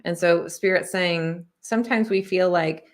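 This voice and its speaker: A woman's voice: on the low side, a little slow. Woman, spiritual card reader, casual reading to viewers; friendly, reassuring, chatty delivery. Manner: friendly, reassuring, conversational with many fillers. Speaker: intuitive oracle card reader and spiritual teacher.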